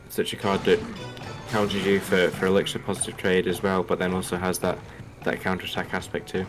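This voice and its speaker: Male co-caster, English accent with Aussie twang, low, rapid, music underneath. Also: little pitch movement. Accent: general English with slight Australian twang. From Liverpool, England. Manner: quick, analytical. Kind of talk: esports commentary.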